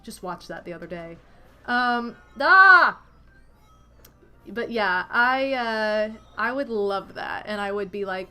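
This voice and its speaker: A woman's voice: mid-range voice, lively intonation, takes it slowly, sharp tone, clean tone, soft background music. A young adult woman streaming from her apartment, chatting casually and animatedly with her audience. She giggles often and drops into cooing baby talk. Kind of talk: casual livestream chat.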